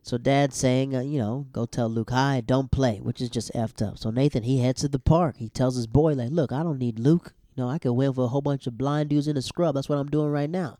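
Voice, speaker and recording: A young man giving a casual, slangy recap of a TV episode, breaking into high exclaiming bursts. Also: steady tone, fairly quick, hardly any pauses, mellow, no room sound, clean studio sound. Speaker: show recapper.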